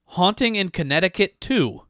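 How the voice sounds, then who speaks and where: A man's voice: high-pitched, animated, moderate pace, fairly bright tone, no echo, studio quality. A man co-hosting a casual movie trailer podcast, ranting with profane exasperation. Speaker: podcast co-host.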